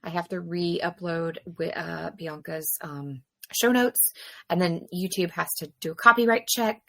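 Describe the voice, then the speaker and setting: A woman co-hosting a podcast in casual chat, telling stories in an animated way with lots of fillers. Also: on the low side, measured pace, creaky, no echo. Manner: chatty, animated storytelling with many fillers. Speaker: podcast co-host.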